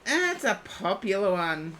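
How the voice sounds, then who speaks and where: A woman's voice: mid-range voice, big pitch swings, measured pace, fairly bright tone. A woman giving a live-streamed oracle card reading, chatting and thinking aloud as she reads. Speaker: psychic card reader.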